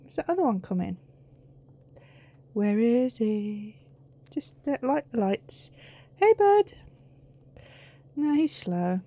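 A woman's voice: fairly high pitch, big pitch swings, takes it slowly, pauses often, dark tone. A woman giving casual let's play commentary on a horror game, chatty and reacting with gasps and squeals.

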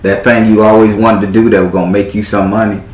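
Male tarot reader, low voice, playful and profane delivery, echoey room with faint background hum. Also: little pitch movement, quick pace, darkish tone. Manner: theatrical, profane, teasing. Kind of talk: live tarot reading.

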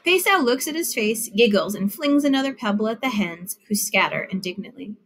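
A woman narrating a literary short story in a measured storytelling manner with lively phrasing. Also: on the high side. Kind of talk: literary fiction reading.

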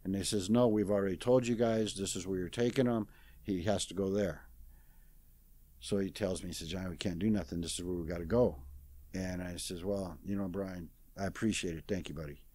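This interview guest, a man in his sixties, talks a little fast in a low, steady, dark voice as he casually recounts a story. It's plain-spoken and folksy, with plenty of "I says," and he acts out what other people said in quoted dialogue.

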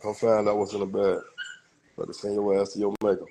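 A man's voice: on the low side, monotone, fast, dark tone, a little hiss or hum. A man hosting a casual livestream, with a cold, talking in a profane, boastful, rambling way full of street slang. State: has a cold. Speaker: livestream host.

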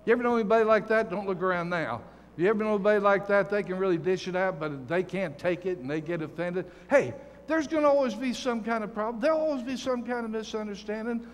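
Emphatic older preacher, high voice. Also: male voice, fast talker, a little hiss or hum. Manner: emphatic, folksy preaching with jokes and stories. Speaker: guest preacher. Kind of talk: sermon. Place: church sanctuary. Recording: long church reverb.

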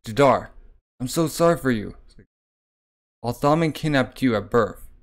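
A man voicing a kind boy magi who pleads gently. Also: mid-range voice, animated, moderate pace, lightly acted. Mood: pleading.

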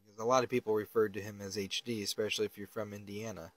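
A man's voice: fairly low pitch, level tone, quick pace, hardly any pauses, dry recording. A man giving casual, indignant commentary to camera, emphatic, with stammered restarts. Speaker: relative of a public figure.

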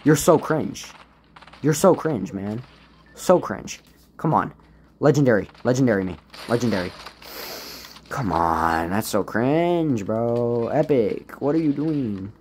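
A man talks casually over his own gameplay, the way a gaming YouTuber does. His pitch swings widely, dropping to low mutters and leaping into loud, frustrated outbursts. Faint game ambience sits behind his voice. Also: animated, slow pace, a little hiss or hum.

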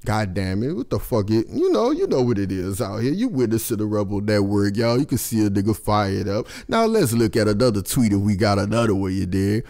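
A young man hosting his own vlog, talking casually to his audience and swearing freely, with his voice jumping up high when he gets worked up. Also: fairly quick, hardly any pauses. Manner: animated, swears constantly, jumps high in pitch for emphasis. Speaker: vlogger host. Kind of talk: casual profane commentary to camera.

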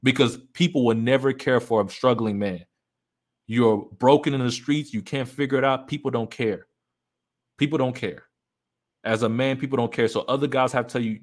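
A man's voice: medium pitch, steady tone, normal speed. A man speaking candidly to his listeners about a painful breakup, emphatic and repeating his key points. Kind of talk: personal storytelling to an audience.

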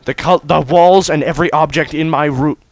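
A young man doing let's play commentary from his room, goofy and hyperactive, breaking into sudden shouts. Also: a little high, steady tone, a little fast, no room sound. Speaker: gamer host.

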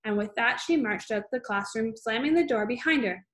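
A woman's voice: fairly high pitch, normal speed, fairly bright tone. A woman reading a children's novel aloud, unpolished, with small slips and fillers. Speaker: reader.

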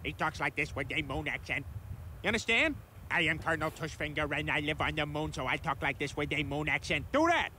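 An actor playing a bumbling cartoon dad who stammers and blusters in exasperation. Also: male voice, sits high, big pitch swings, normal speed, a bit bright, slight background noise. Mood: exasperated.

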